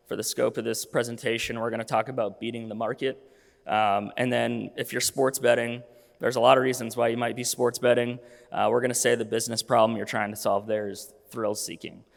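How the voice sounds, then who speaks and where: Gravelly man speaking in a hall. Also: mid-range voice. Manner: casual, many fillers and restarts. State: losing his voice. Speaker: conference speaker. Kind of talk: conference presentation. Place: conference hall. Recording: long reverb of a hall.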